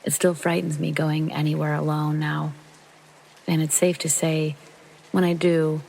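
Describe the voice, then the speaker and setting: A man narrating a true first-person horror story in a calm, steady storytelling read, with rain behind him. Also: on the high side, measured pace, vocal fry, rough recording. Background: rain sounds.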